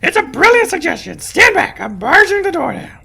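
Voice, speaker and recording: A man's voice: very high-pitched, wildly swooping pitch, vocal fry, sharp tone, full character voice. A man voicing a cheeky male sparrow lawyer who teases and cracks puns. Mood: teasing. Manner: jokey, teasing, quick. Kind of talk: let's play character voicing.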